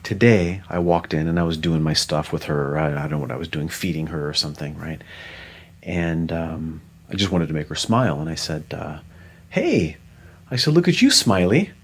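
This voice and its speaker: A man co-hosting a podcast, chatting casually and telling an animated story that acts out the lines of other people. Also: a bass voice, brisk. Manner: animated storyteller, acting out quoted dialogue. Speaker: podcast co-host.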